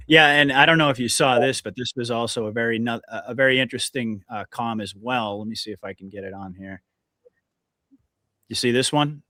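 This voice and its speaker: A male interview host with a bright, forceful voice, recorded dry and close. He speaks casually in short interjections. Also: mid-range voice, brisk, dry recording. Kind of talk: interview hosting.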